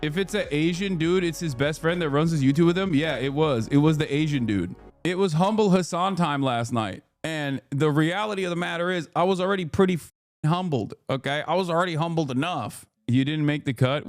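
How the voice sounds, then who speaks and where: A man in his thirties, a live streamer, telling stories in casual chat with an animated, profane, ranting manner. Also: fairly high pitch, brisk, soft background music. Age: 30s.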